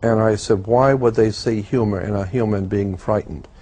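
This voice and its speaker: Mellow-voiced man telling a personal story. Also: lowish voice, fairly even intonation, normal speed. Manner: earnest, repeats himself for emphasis. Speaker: guest telling his story. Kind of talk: first-person storytelling in a talk program.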